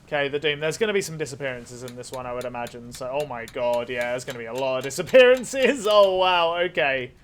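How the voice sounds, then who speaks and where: A man's voice: mid-range voice, lively intonation, quick pace, hardly any pauses, slight background noise. A man commenting on a mystery game as he plays, thinking aloud and swearing freely. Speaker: let's play host. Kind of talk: gaming commentary.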